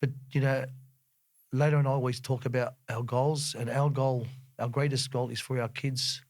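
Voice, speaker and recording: A middle-aged man with an Australian accent, telling a personal story as a guest, earnest and more animated when he recounts scenes. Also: mid-range voice, moderate pace.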